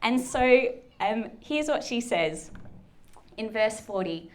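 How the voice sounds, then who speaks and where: A woman with a fairly high, animated voice preaches slowly, treating her sermon like a chatty conversation full of fillers. She playfully acts out the lines she quotes.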